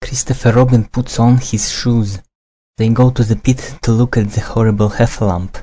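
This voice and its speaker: Storyteller: male, mellow tone, steady read-aloud pace for a children's book. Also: mid-range voice, normal speed. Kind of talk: storybook reading.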